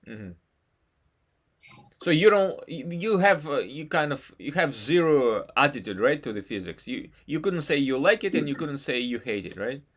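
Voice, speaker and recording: A man tutoring a student in he did not learn first, talking haltingly with many false starts and frequent questions. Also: mid-range voice, animated. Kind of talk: casual one-on-one lesson talk.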